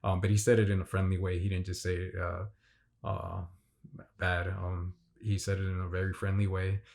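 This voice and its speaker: Gravelly low-voiced man, rambling vlog. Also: flat delivery, normal speed, darkish tone. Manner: rambling, enthusiastic, many fillers and restarts. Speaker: vlogger. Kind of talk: casual vlog recap.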